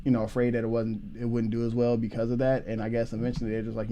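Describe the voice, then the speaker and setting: A man's voice: medium pitch, level tone, quick pace, warm tone, slight background noise. A man co-hosting a podcast in casual chat, laid-back, wisecracking and explaining things at length. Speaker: podcast co-host.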